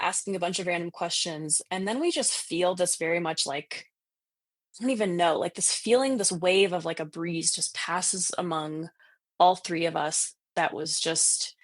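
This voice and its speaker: A woman's voice: fairly low pitch, steady tone, moderate pace, no echo. A woman telling a ghost story in casual chat, full of "like" fillers, who acts out the voices she quotes. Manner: chatty, heavy on "like" fillers. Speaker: podcast guest telling ghost stories.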